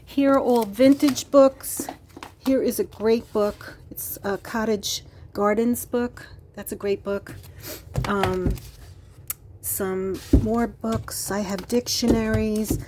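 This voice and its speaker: A woman's voice: on the high side, steady tone, takes it slowly, background noise. A retired woman giving a chatty, meandering craft room tour, out of breath, filmed on a handheld phone. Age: older. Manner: chatty, meandering, with many ums. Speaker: craft vlogger. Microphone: phone held in hand.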